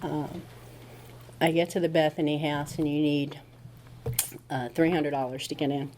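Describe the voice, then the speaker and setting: A woman's voice: low-pitched, fairly even intonation, normal speed, noisy background. A woman speaking at a recovery meeting, telling her story in a casual conversational way and acting out what people said. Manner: conversational storytelling with acted-out quotes. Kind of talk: personal testimony talk.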